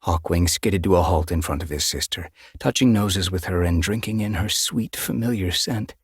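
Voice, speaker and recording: A man narrating an audiobook with steady, measured storytelling. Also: low voice, husky, no echo, clean studio sound. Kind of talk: scripted narration.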